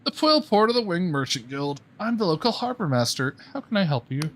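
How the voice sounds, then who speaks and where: A man's voice: high-pitched, very animated, brisk, fairly bright tone, a little hiss or hum, pitched above the performer's own voice, exaggerated voice. A man voicing a tired, sardonic female harbor master from a fantasy game, drawling and dismissive.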